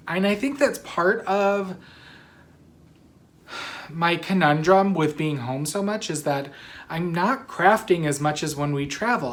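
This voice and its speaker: A woman hosting a knitting video podcast in a casual, rambling way, sleepy and yawning, often apologizing. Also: deep voice. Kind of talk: casual chat.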